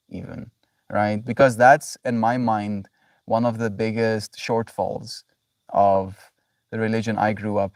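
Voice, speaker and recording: A man's voice: fairly low pitch, darkish tone, no echo, recorded from a distance. A man on a casual livestream, musing about spirituality in a reflective, affectionate way, often checking in with "right?". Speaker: daily livestreamer.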